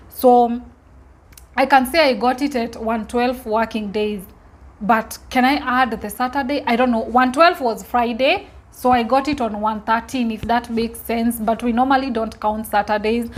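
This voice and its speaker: A young woman from Kenya telling viewers a personal story in a casual, emotional way, often repeating herself and speaking to them directly. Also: on the high side. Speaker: vlogger.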